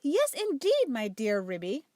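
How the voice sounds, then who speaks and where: A woman's voice: sits high, huge pitch swings, measured pace, a little mellow, dry recording, clean studio sound, heavily acted. Woman doing Duchess, a prim anxious dog. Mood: fussy. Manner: prim, fussy politeness. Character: polite anxious female dog guest.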